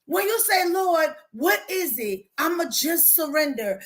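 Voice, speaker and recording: A woman life coach speaking on a livestream to her viewers, animated and preachy. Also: very high voice, unhurried. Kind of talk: livestream motivational talk.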